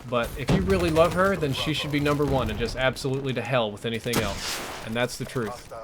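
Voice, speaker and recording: Southern male gaming streamer, mid-range voice, frank and profane, live commentary over loud game gunfire. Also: medium pitch, fast talker, background noise. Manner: blunt, earnest, swears freely. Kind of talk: live gameplay commentary with chat. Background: video game gunfire.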